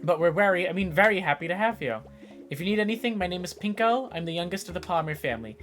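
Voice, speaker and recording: A woman's voice: fairly low pitch, expressive, quick pace, faint music behind, close to an everyday voice. A woman voicing a cheery, overly polite lodge keeper, reading game dialogue aloud with an affected accent and a grand hospitable manner. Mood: grandly welcoming.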